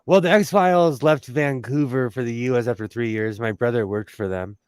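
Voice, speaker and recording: A man with a Southern California accent hosting a casual sewing livestream, talking in a chatty, animated way. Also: medium pitch, normal speed, clear, resonant tone, no echo, studio quality. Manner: chatty, animated storytelling with laughs.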